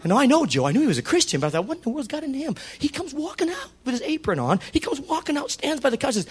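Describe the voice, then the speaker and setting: Racing along with a breathy edge to his high-pitched voice, a middle-aged male pastor preaches a sermon built around a story. He's animated and plays out each line of dialogue in a different voice.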